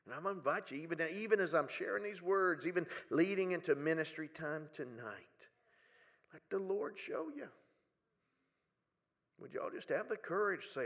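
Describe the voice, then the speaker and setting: A man preaching a sermon, his voice sitting high and ringing bright. He sinks into near-whispers, then climbs to loud pleading cries, stretching key words slowly. He speaks to a live congregation in a church hall. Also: lively intonation. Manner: slow, drawn-out phrasing.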